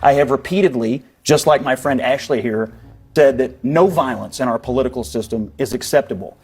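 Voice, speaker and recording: A man's voice: medium pitch, brisk, husky. Indignant man in a TV debate. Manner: forceful, indignant. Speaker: TV panel guest. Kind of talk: heated TV panel debate.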